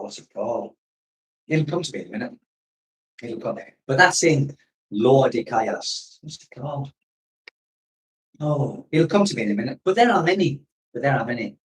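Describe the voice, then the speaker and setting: Recorded far from the mic in low quality, a medium-pitched man hosts an expat livestream, chatting freely and drifting between stories. He keeps stopping to read out and respond to viewers' comments, loose and unscripted.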